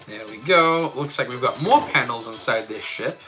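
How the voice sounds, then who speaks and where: A man's voice: mid-range voice, animated, normal speed, bright, forceful tone, soft background music. A man with an Australian accent chatting casually on a live stream while building Lego and reading chat, rambling with many fillers.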